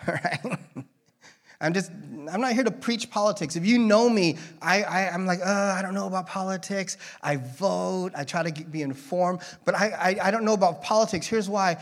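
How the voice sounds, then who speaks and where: Male preacher, a touch higher-pitched, loose and conversational, prone to jokes and rambling tangents in a church setting. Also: normal speed. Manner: rambling, joking, drifting into tangents. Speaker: guest preacher. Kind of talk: casual conversational sermon. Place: church, in front of a congregation.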